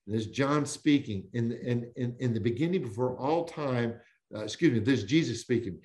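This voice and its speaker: Appearing as a guest on a podcast, a man teaches the Bible with an emphatic, preacher-like cadence, slowing down on key words and frequently restarting phrases. His voice is medium in pitch with a darkish tone.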